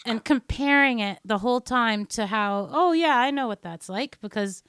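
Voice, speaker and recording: A woman's voice: a little high, lively intonation, moderate pace, a bit bright, clean tone, dry recording, clean studio sound. A woman from New England with an American accent, co-hosting a podcast in chatty talk with frequent laughter. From New England, USA. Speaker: podcast co-host. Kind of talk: casual chat.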